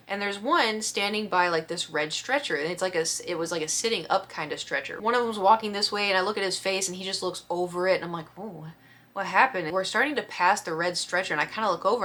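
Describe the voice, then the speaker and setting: A woman vlogger telling a story in casual chat, expressive and acting out the quotes. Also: medium pitch. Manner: chatty, expressive storyteller who acts out quotes.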